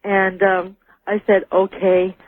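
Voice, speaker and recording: A woman's voice: medium pitch, slow. Woman telling a ghost story by phone. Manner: animated storyteller, acts out the dialogue. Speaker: caller. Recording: tinny phone line.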